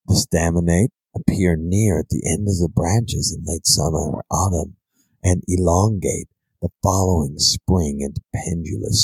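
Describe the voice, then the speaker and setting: A man putting on the voice of a stern older man with a cigar and bourbon, reading a herbal text slowly and gravely. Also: low-pitched, darkish tone, dry recording, exaggerated voice, low-quality recording. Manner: slow, grave, deliberate reading.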